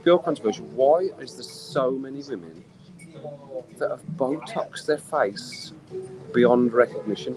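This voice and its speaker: A man's voice: mid-range voice, moderate pace, a crowd in the background, rough recording. A tipsy man ranting in a casual live stream from an outdoor poolside bar. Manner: animated, exasperated ranting. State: tipsy from drinking. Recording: music playing clearly behind.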